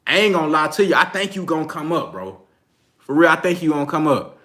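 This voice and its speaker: A man's voice: a little high, animated, fast, bright, forceful tone. A man with a Texan accent hosting a casual livestream about boxing, slangy and loose, laughing often. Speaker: boxing channel host.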